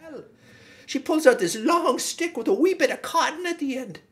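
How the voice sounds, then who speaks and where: A man's voice: extremely high pitch, expressive, moderate pace, pitched above the performer's own voice. A man voicing a cheerful male Irish farmhand who spins folksy, rambling comic yarns in an Irish accent. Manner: folksy, rambling yarn-spinner. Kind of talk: comic storytelling monologue.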